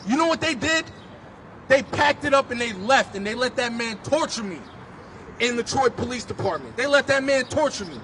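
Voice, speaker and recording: Very high-pitched and animated, a man shares his personal story intensely at an outdoor street rally, speaking at a normal pace and occasionally escalating to shouts. A little hiss or hum is present.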